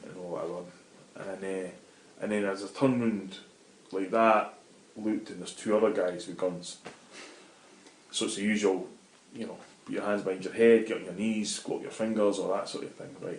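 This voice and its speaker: A man's voice: fairly low pitch, darkish tone. Scottish man telling a story. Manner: vivid anecdotal storytelling, frequent swearing. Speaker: interview guest. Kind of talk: casual storytelling interview. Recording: roomy echoey room.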